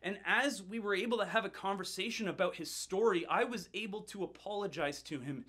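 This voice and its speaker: A middle-aged male pastor telling a story in a sermon, animated and building tension, often repeating words as he goes. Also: sits high, a little fast.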